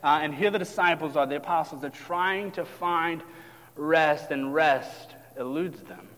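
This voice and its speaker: A man preaching a sermon in a casual, animated way, acting out the voices of the people in the story. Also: on the high side, measured pace. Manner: animated, acts out voices of disciples and crowds, casual asides. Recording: long hall reverb.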